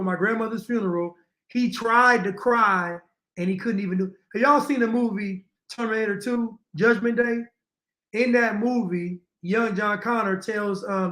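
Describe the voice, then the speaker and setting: A man's voice: sits high, sharp tone. A man giving opinionated reaction commentary to viewers, repeating his points and addressing them directly. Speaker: commentary streamer.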